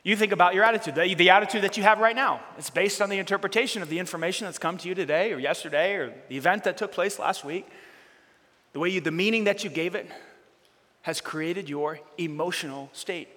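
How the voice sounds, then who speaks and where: A man preaching a sermon as pastor, swinging between loud emphatic bursts and quiet storytelling. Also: high-pitched, quick pace. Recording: long hall reverb.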